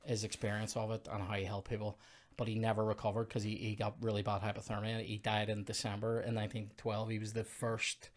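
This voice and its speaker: Rambling man. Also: fast talker. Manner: rambling, animated, bursts into high put-on quotes. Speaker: comedy podcast host. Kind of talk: casual chat.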